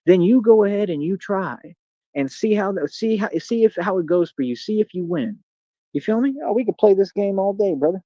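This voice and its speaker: A man's voice: high-pitched, lively intonation, fairly quick, warm tone, no room sound. Combative man ranting on a livestream. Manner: combative, taunting, repeats catchphrases. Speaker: livestream host. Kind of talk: casual live-stream rant. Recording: dull, dry home stream audio.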